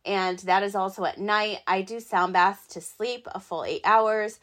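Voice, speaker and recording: A woman in her thirties hosting her own podcast, talking in a chatty, excitable, rambling way with lots of fillers. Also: mid-range voice, unhurried. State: hiccups. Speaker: podcast host. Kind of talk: casual solo podcast talk.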